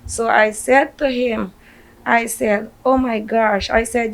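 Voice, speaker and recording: Distraught Guyanese mother, gravelly voice. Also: on the high side, steady tone, low-quality recording. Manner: distraught, halting retelling with shaky drops in volume. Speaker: grieving mother interviewed. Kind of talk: emotional news interview.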